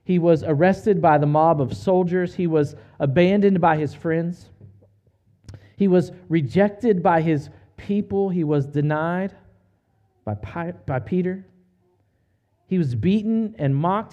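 A man preaching a sermon, retelling a story in an earnest, measured way with slow, emphatic pauses. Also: high voice, dark tone, lo-fi sound. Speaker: pastor.

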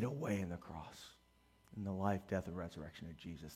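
A middle-aged man preaching a sermon as a pastor, animated and acting out the voices in his stories. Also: sits low, normal speed, breathy edge. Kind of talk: sermon with storytelling.

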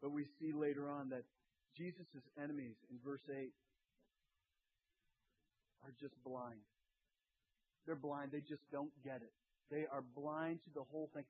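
A middle-aged man preaching a sermon as pastor, lively and acting out voices of the people in his story. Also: fairly high pitch, husky. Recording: tinny phone-like sound.

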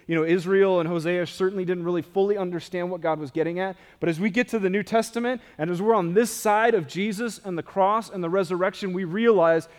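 A man with a high-pitched voice delivers a sermon, reading scripture and then talking it through in a conversational, animated way. His voice rings out in a hall with long reverb. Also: fast talker, few pauses. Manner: conversational, animated preaching with asides. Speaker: pastor.

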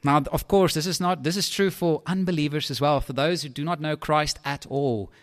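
A man preaching a sermon in a lively, conversational way, with asides to his listeners. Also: a little high, normal speed.

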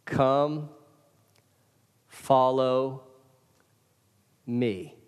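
A man's voice: mid-range voice, very slow, clear, resonant tone. A man preaching a sermon as pastor, casual and emphatic, speaking straight to his congregation. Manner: casual, emphatic preaching with direct address to listeners. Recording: hall reverb.

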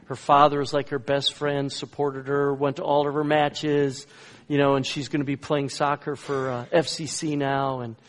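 A man, a guest pastor, telling a story in a sermon, swinging between loud emphatic lines and hushed soft ones. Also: medium pitch, flat delivery, moderate pace, hardly any pauses. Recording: long reverb in a large hall.

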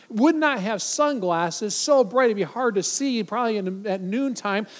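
A man preaching a sermon, emphatic and repetitive, now and then acting out voices from soft to loud. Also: high voice. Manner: emphatic, repeats phrases for weight; acts out quoted voices, from loud to near silent. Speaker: pastor.

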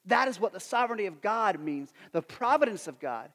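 A man preaching a sermon as pastor, animated and acting out the story's characters in quick voices. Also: high voice, long reverb tail.

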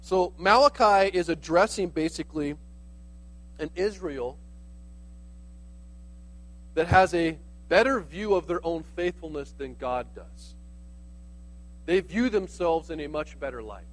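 Pastor, male, higher voice, casual teaching sermon, slight mains hum under the recording. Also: expressive, a little slow, long pauses, poor audio. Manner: conversational preaching, explains with "like" asides.

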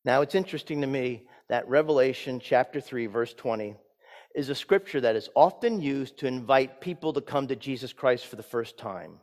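A man pastor giving a sermon, swinging from loud emphatic peaks down to soft hushed lines. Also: medium pitch, normal speed. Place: church sanctuary. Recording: church sanctuary with long reverb.

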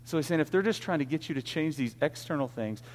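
A man's voice: on the high side, expressive, fast. A man preaching an earnest sermon, often restarting his words. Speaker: pastor. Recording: long hall reverb.

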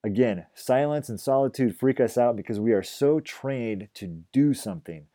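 A man preaching a reflective sermon, often dropping to a hushed, gentle voice. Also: medium pitch, lively intonation, normal speed, dry recording. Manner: gentle, reflective, drops to a hush on quiet phrases. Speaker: pastor.

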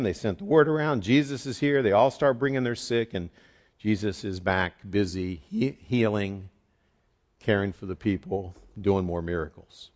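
Conversational male pastor preaching. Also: lowish voice. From eastern United States. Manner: conversational, animated storytelling. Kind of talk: sermon. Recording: dull lo-fi recording.

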